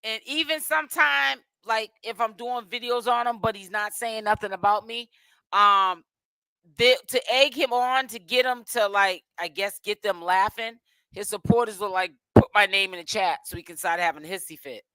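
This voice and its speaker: A woman's voice: medium pitch, moderate pace, bright, forceful tone, clean tone, no echo. A woman giving casual commentary in a sassy, mocking way. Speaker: commentary streamer.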